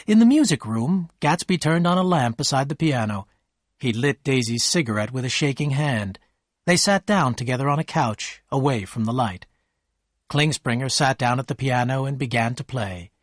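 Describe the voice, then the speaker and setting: A man narrating a story in a steady, measured reading voice. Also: mid-range voice, no room sound, studio quality. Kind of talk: scripted narration.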